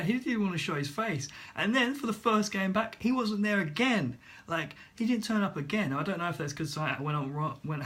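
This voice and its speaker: A young man casually telling a story to his vlog, animated, laughing at himself and acting out the voices of others. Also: fairly high pitch. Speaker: vlogger.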